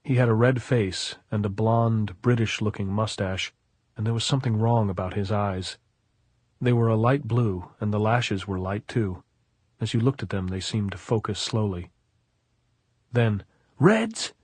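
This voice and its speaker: A man narrating an audiobook in a steady, even storytelling manner. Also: on the low side, normal speed, breathy edge, no echo. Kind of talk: scripted narration.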